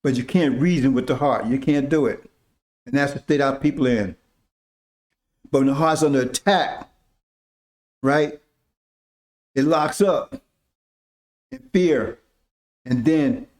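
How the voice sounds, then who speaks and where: A man's voice: medium pitch, unhurried, pauses often, a little mellow. A man preaching informally to his followers, talking emphatically in casual street slang and often asking "See?". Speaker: religious teacher.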